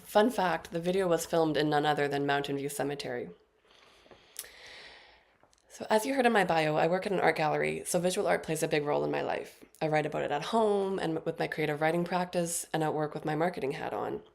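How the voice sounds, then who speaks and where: The featured poet, a woman in her thirties, gives a poetry reading with short spoken introductions between poems. Her voice is low and creaky, and her delivery is measured and deliberate.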